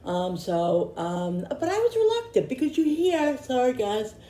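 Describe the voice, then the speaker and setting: A middle-aged woman vlogger chatting casually to camera, rambling and repeating herself, slightly hoarse and tired. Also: high voice, huge pitch swings, measured pace, mellow. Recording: echoey room.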